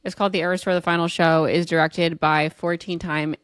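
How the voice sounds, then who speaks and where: Excitable woman podcast host, dry sound. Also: fairly low pitch, fairly quick, clean tone, no echo. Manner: excitable, swears and laughs often. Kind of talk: casual chat.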